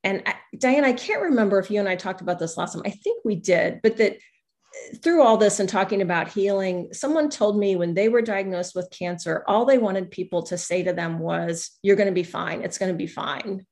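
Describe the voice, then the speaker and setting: A woman's voice: medium pitch, animated, normal speed, a little mellow. A woman guest speaking candidly and reflectively in an interview, often acting out what other people said to her. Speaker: guest, newspaper columnist.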